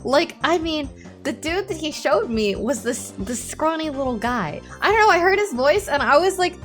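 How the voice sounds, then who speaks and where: A young woman telling a storytime as a VTuber, dramatic and animated, laughing often. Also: sits high, moderate pace, soft background music.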